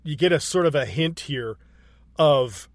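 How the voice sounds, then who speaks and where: A man's voice: a little high, expressive, a little slow, no room sound. A man in casual chat, retelling a film's scenes with swearing and frequent laughter. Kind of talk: casual movie recap chat.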